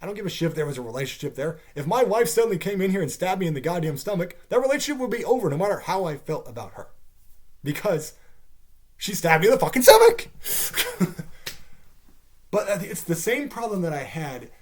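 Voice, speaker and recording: Caffeinated guy ranting about a show, cussing a lot, slightly high voice that jumps all over. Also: fast, few pauses. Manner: swears heavily, animated and exasperated. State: caffeinated, wired. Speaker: TV series reviewer. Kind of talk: profane ranting review.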